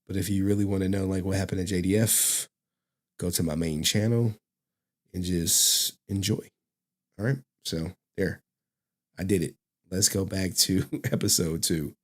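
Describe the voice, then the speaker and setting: A man's voice: deep voice, fairly even intonation, normal speed. A man hosting a casual reaction stream, laid-back and rambling, laughing often. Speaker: host.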